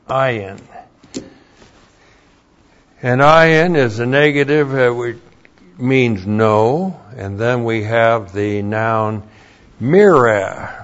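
A man teaching a verse-by-verse lecture on scripture, slow and methodical, spelling words out letter by letter, with blunt, emphatic asides. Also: medium pitch, highs cut off. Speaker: Bible teacher.

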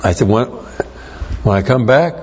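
A middle-aged man preaching a sermon, slow and deliberate, leaning hard on key words. His voice sounds slightly strained, at an average pitch. The recording is dull and lo-fi. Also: animated, darkish tone. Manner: slow, emphatic Bible teaching with repeated stresses. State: strained voice, coughing. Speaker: pastor.

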